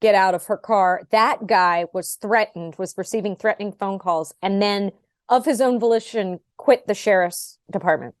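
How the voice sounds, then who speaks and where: A woman's voice: medium pitch, moderate pace, no echo, clean studio sound. A woman co-hosting a podcast interview, summarizing and asking in an engaged way. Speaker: podcast host. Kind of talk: conversational interview.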